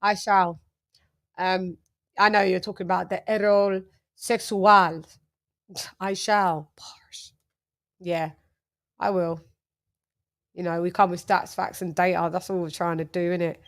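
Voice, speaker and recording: A young British woman hosts a boxing livestream in casual chat, laughing and shouting out viewers from the comments. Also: on the low side, level tone, unhurried, pauses often. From United Kingdom.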